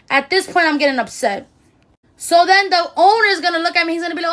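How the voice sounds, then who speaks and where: High-voiced woman telling a storytime. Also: a little fast. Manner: animated, slangy, quotes people in raised voices. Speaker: beauty vlogger. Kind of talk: casual storytime.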